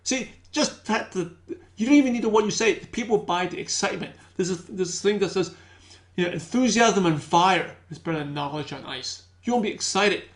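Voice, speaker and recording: A man teaching a sales training, energetic, repeating key points and acting out sample phone calls. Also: sits high, brisk. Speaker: business trainer.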